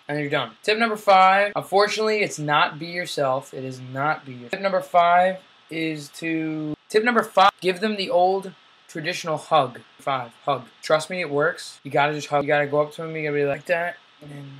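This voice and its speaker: A man's voice: fairly high pitch, a little fast, fairly bright tone, poor audio. A young man hosting a casual comedic vlog, rambling and self-deprecating as he jokes through tips and acts out little quotes. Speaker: vlogger.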